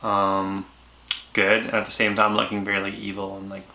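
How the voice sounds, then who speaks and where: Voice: deep voice, monotone, normal speed, bright, forceful tone. A young adult co-hosting a casual fan chat about a TV show, laid-back and heavy on "like". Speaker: co-host. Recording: echoey room.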